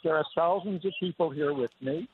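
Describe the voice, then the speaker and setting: Enthusiastic male critic, tinny phone line, faint hall noise, slightly high voice. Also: brisk. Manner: enthusiastic, descriptive. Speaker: film critic reporting on location. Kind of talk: live field report. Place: large convention center floor.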